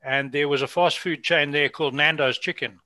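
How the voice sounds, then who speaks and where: A middle-aged man from Africa, hosting a casual interview and chatting easily, telling anecdotes and quick to laugh. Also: on the high side, steady tone, bright, forceful tone, dry recording. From South Africa. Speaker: podcast host.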